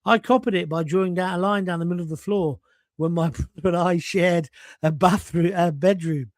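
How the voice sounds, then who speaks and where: A man's voice: high-pitched, normal speed, dry recording. An older man hosting a casual live stream, chatting bluntly and cheekily while reading out viewer comments.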